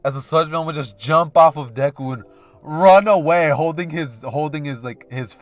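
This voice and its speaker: A man's voice: fairly high pitch, normal speed, faint music behind. A man casually narrating a what-if fan story, rambling with loose filler phrases.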